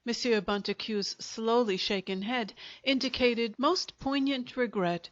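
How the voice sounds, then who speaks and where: A woman narrating a short story in a measured, even storytelling manner. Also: fairly high pitch. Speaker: audiobook narrator. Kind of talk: scripted narration. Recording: dull lo-fi recording.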